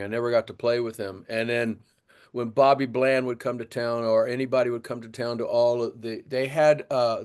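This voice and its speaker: An older man from Texas, a drummer, telling an animated story in an interview and acting out the voices of others. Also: mid-range voice, clean tone. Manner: animated storyteller, acts out voices, laughs often. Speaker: guest drummer.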